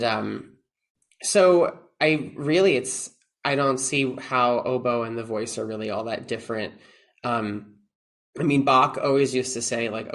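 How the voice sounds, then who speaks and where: A man who teaches oboe, a guest in a casual podcast interview, talking animatedly, quoting what he tells his students, with frequent restarts. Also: mid-range voice. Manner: animated, quotes himself to students, many restarts.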